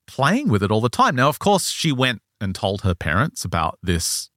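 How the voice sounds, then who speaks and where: A man hosts a podcast in a casual chat, retelling a strange account with lively storytelling and voicing the people he quotes. His voice sits low. The recording is dry and close, with no room sound. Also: moderate pace, dry recording. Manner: animated storyteller, acts out quoted lines. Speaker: podcast host.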